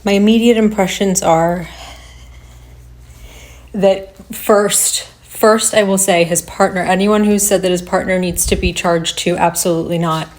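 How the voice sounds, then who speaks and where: A woman giving unscripted reaction commentary, agitated and swearing, shaken and halting as she talks. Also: medium pitch, steady tone. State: shaking with upset. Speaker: reaction video creator.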